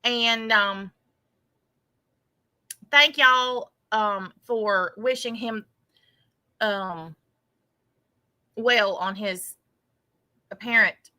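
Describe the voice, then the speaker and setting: A woman's voice: mid-range voice, extremely slow, long pauses, sharp tone. A woman delivering a sarcastic, theatrical mock-lament with exaggerated, Southern-flavored phrasing. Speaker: commentary creator.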